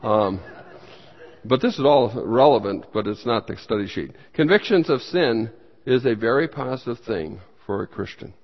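A man's voice: lively intonation, moderate pace. A man preaching as a pastor, teaching a Bible study with emphatic bursts and questions that he puts to the room and then answers himself. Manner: emphatic, with sudden rises in pitch and loudness. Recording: dull sound with long hall reverb.

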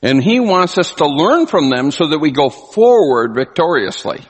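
A man preaching a sermon, animated, often acting out the people he quotes. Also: fairly high pitch, moderate pace, breathy edge. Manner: animated, acts out quoted voices. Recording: long hall reverb.

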